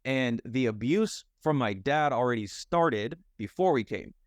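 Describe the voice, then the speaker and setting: In a studio-quality recording with no room sound, a young man from the United States, a mindset and fitness coach, speaks in an animated mid-range voice at a measured pace. Telling his life story candidly on a podcast, he rambles and fills his speech with "like" and "you know".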